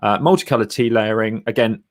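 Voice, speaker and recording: Male YouTuber, lowish pitch, blunt chatty screen-share tutorial delivery. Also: brisk. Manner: chatty and blunt, talks while clicking through screens. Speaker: YouTuber reviewing thumbnails.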